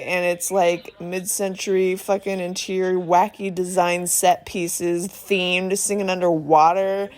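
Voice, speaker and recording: A woman in her thirties reviewing a film in a phone voice memo, talking in an excited, rambling way and swearing often. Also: fairly low pitch, a little slow. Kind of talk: casual voice memo rant.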